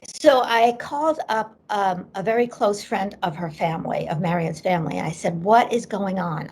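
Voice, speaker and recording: A middle-aged woman, a psychic medium, telling a personal story as an interview guest and acting out the voices she quotes. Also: mid-range voice. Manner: animated storyteller who acts out quoted voices.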